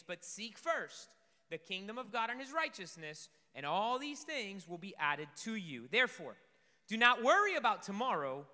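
A man preaching a sermon to a congregation, lively, swinging between loud emphasis and soft asides. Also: sits high. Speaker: pastor. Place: church sanctuary. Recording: reverberant hall.

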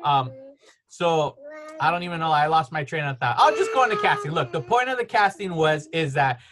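A man's voice: a little high, lively intonation, background noise. A man hosting a casual podcast chat at home, rambling through film trivia and laughing often. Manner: rambling, storytelling with quick laughs. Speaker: podcast host.

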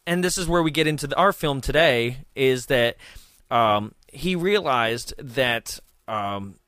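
A man hosting a film commentary chat, telling a story in a lively way, acting out quotes and laughing often. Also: mid-range voice, measured pace, smooth, no room sound, studio quality. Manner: animated, acts out quoted voices, laughs often. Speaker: film commentary podcast host.

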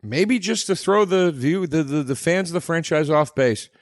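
Man, podcast co-host, animated joke-telling, lively up-and-down pitch, dry close sound. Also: moderate pace, dry recording. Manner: animated joke-telling, laughs at own jokes. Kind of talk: casual chat.

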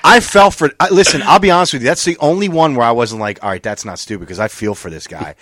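Swearing man telling animated stories on a podcast. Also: medium pitch, quick pace, no room sound, studio quality. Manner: animated, profane storytelling with acted-out quotes. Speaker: podcast host. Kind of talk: casual chat.

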